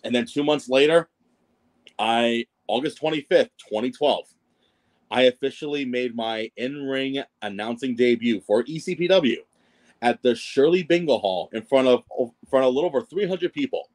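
A man's voice: mid-range voice, animated, normal speed, darkish tone. A man as a podcast guest telling his wrestling ring announcer story, rambling and self-deprecating, with lots of fillers and restarts. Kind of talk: casual storytelling interview.

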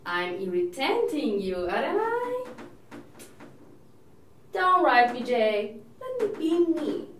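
A woman's voice: high-pitched, slight background noise, heavily acted. A woman playing a chatty, neurotic divorced older sister who rambles and frets in an audition monologue. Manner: rambling, self-absorbed and fretful. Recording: echoey room, mic from a distance.

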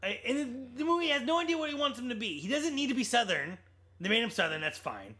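Male podcast co-host, animated and sarcastic, high lively delivery. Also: fast. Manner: animated, sarcastic, quotes movie lines; swears casually, lots of restarts. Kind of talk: casual film review chat.

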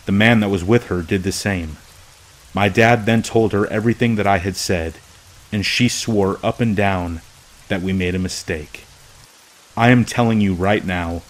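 A man narrating a true scary story from a script, in a slow, hushed, measured way. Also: deep voice, low-quality recording.

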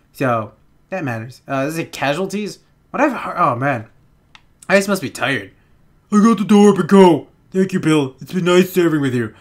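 An excitable young man plays a game and talks through it, giggling, swearing and bursting into panicky yelps. His pitch sits a bit high and bounces around a lot. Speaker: gaming channel host. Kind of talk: let's play gameplay commentary.

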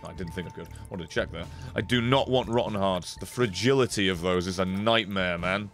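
Male streamer, lower voice, excitable and foul-mouthed, live play-by-play over faint game music. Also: brisk. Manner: excitable, swears often, reacts loudly and reads chat. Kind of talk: casual live-stream commentary.

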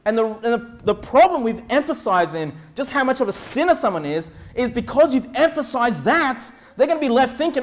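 A man preaching as pastor, with quick asides and sudden shouted lines. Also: extremely high pitch, sing-song. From Australia. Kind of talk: sermon.

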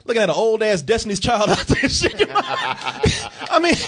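Male movie critic, excitable, lively pitch swings, swears and cracks up a lot. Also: unhurried, husky. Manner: profane, animated, laughs often, acts out characters. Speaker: film reviewer. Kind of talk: casual comedic movie review chat.

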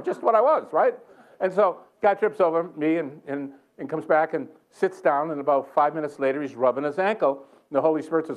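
A man's voice: a little high, fast, phone-quality sound. A man preaching a sermon in a church, telling a story with lots of chuckles and self-mocking humor. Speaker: guest preacher. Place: church sanctuary.

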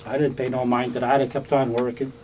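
A man's voice: medium pitch, little pitch movement, fast talker, darkish tone, slight background noise, low-quality recording. An older man from Canada telling a personal story in a folksy, conversational way, with fillers and restarts. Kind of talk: oral storytelling to a small audience. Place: indoors in a bookstore.

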